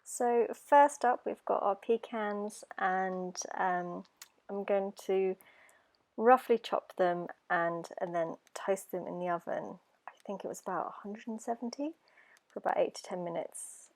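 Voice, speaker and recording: A woman with a British accent chats her way through a baking vlog. Her voice is dark and mellow, roughened by hay fever, and she rambles comfortably between steps. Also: medium pitch, unhurried. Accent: British English. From England. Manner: chatty and rambling, lots of ums. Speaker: home baker vlogger. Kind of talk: casual baking vlog chat.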